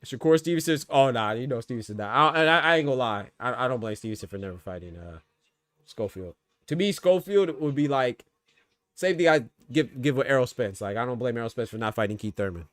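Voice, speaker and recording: A man's voice: mid-range voice, animated, brisk, fairly bright tone, no room sound. A man hosting a boxing podcast, giving loose, slangy live fight commentary and talking to his chat.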